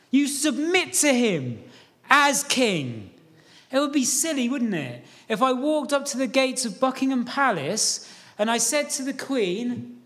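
A man preaching in a very high voice that rises and falls in lively swoops. He speaks slowly and earnestly, urging his listeners and answering his own questions. It sounds like a pastor delivering a sermon.

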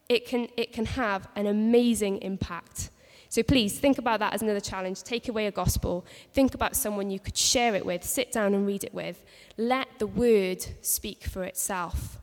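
A woman's voice: medium pitch, moderate pace, hardly any pauses. A woman giving an earnest, story-driven sermon to a women's gathering in a church hall, often restarting her phrases. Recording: long hall reverb.

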